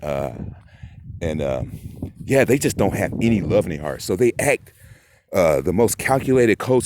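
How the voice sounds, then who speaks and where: A man's voice: low voice, dry recording. A man in a rambling, profane monologue to camera, agitated and full of fillers. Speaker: vlogger.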